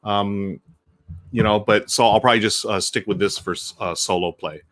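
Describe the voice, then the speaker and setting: A man's voice: on the low side, fairly even intonation, moderate pace, fairly bright tone. A man hosting a casual live-stream, chatting to viewers while unboxing board games, rambling with restarts. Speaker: board game streamer and host.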